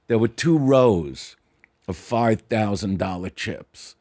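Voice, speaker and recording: A man as a podcast guest, telling a story casually and animatedly, often trailing off into low mutters. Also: animated, slow pace, dark tone.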